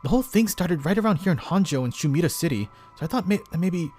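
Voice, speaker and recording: A man's voice: expressive, fast, darkish tone, faint music behind, lightly acted. A man voicing a curious, teasing young male detective in a mystery game, with a lifted, eager tone. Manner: eager, curious, raised pitch.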